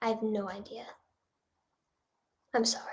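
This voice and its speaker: A woman's voice: on the high side, flat delivery, measured pace. A young woman with a nasal voice, a singer-songwriter answering chat questions in a casual livestream, rambling with lots of fillers. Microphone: phone or webcam livestream.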